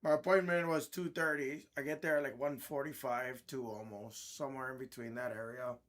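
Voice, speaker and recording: A man, a host of a card-breaking stream, telling a blunt, irritated story in casual chat, clearing his throat often. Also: mid-range voice, steady tone, brisk, fairly bright tone.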